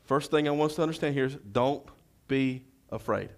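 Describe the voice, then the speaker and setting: A man preaching a sermon as pastor, with impassioned, repetitive phrasing that builds to shouting. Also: mid-range voice, brisk. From United States.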